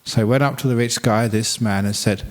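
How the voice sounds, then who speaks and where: A man's voice: on the low side, steady tone, fairly quick. A man who is a Buddhist monk, telling a story in a chatty, humorous dharma talk. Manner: humorous, chatty, laughs at own jokes.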